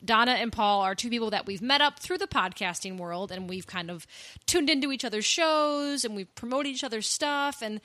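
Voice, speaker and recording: Brief: woman host, bright lively voice, dry close mic, playful teasing. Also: fairly high pitch, moderate pace, no echo. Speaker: podcast host. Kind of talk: casual chat.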